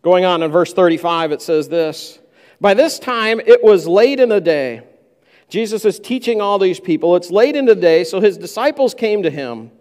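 A man's voice: high-pitched, animated, normal speed, a little mellow, in a large hall. A man preaching a sermon, who acts out the disciples' complaints in a raised voice. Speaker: pastor.

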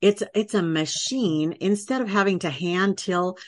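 Low-voiced woman telling a story. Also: a little slow, no echo, clean studio sound. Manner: animated, laughs often, acts out quoted voices; faith-based, earnest testimony. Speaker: podcast guest. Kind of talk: conversational storytelling.

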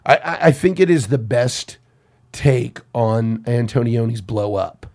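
A man hosting a casual film chat, an animated storyteller who swears and laughs often. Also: medium pitch, unhurried. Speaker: podcast host.

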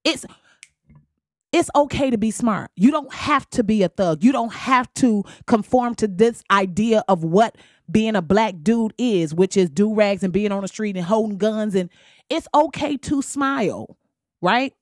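A woman's voice: medium pitch, animated, measured pace, no echo, studio quality. A young adult woman talking bluntly and candidly in a casual vlog, profane and laughing often. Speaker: vlogger.

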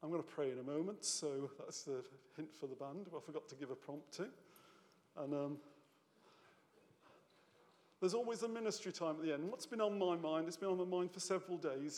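In a church hall, a man preaches a sermon in a chatty, conversational manner, often checking in with "yeah?" and at times becoming emotional. His voice is fairly high and a little mellow, and the recording carries a long hall reverb.

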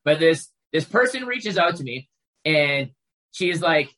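Podcast host, male, from Canada, husky voice, swears freely, lively storyteller. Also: on the high side, a little slow, poor audio. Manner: profane, animated storytelling. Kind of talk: casual podcast chat.

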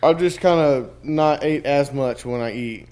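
A man's voice: a little high, a little slow, darkish tone. A young man in casual chat, telling long stories with plenty of swearing and filler words. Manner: profane, rambling storyteller.

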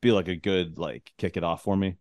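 A man's voice: low voice, fairly even intonation, a little fast, darkish tone, dry recording, studio quality. A man hosting a podcast in a loose, casual chat. He swears freely and laughs often. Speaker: podcast host.

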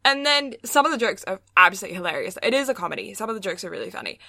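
A woman's voice: mid-range voice, lively intonation, rapid-fire, gravelly, pushed and bright, no echo, studio quality. A young woman co-hosting a casual podcast chat, ranting with lots of fillers and laughs. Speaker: podcast co-host.

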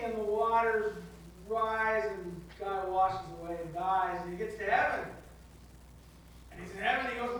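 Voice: mid-range voice, fairly even intonation, normal speed, a bit bright. A pastor giving a sermon in a conversational storytelling manner with touches of humor. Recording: echoey hall from far off, faint background.

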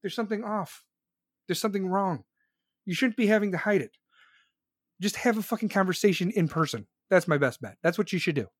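Man, high-pitched, dry close sound, heated profane lecturing monologue. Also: animated, a little fast, no room sound. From United States. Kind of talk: profane political rant.

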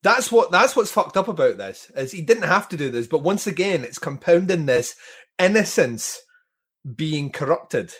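A man co-hosting a podcast in casual chat, animated, laughing often and swearing casually. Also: fairly high pitch, moderate pace, husky. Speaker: podcast co-host.

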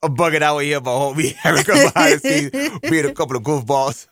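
A man hosting a casual radio interview, joking around in slangy, animated talk. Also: fairly high pitch, brisk, dry recording, clean studio sound. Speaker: radio host.

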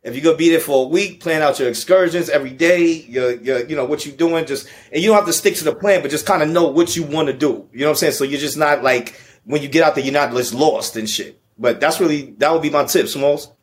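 A man's voice: fairly high pitch, quick pace, hardly any pauses, slight background noise. A man telling a long personal story in casual, profane podcast chat. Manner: profane, animated storyteller, repeats "you know what I'm saying". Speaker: podcast guest.

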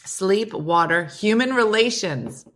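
A woman's voice: medium pitch, lively intonation, takes it slowly, fairly bright tone. A woman hosting a casual morning livestream, chatting playfully with viewers and her dog. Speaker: livestream host. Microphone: phone.

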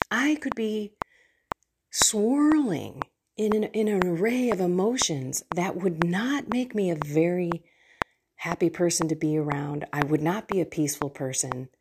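A middle-aged woman speaks slowly and earnestly in a low, gentle register, sharing a heartfelt personal reflection on faith. Steady background noise runs under her voice. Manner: earnest, heartfelt, slow and soft at times. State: tearful at moments. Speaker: faith coach and host. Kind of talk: personal spiritual reflection to camera.

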